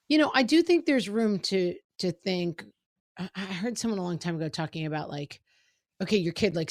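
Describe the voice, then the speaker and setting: A middle-aged woman with a lowish voice co-hosts a parenting podcast, chatting casually and often acting out quoted exchanges with her kids. The recording is dry and studio quality.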